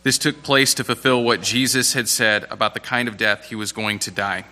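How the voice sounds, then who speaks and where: Male scripture reader, crisp bright voice, measured delivery, echoing hall. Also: on the low side, fairly even intonation. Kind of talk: reading scripture aloud.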